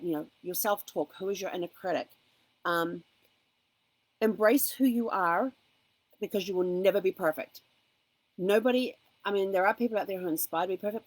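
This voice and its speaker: A woman with a lowish voice hosts a casual motivational talk, earnest and encouraging as she shares her own experience. The sound is dry and close, with no room echo. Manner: earnest, encouraging, personal asides. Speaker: host.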